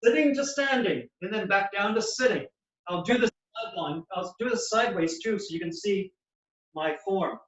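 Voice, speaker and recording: A high-voiced male physical therapist walks through knee exercises, explaining each movement as he demonstrates it. He sounds set back from the mic in an echoey clinic room. The audio is slightly dull and muffled. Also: normal speed, a bit bright, recorded from a distance.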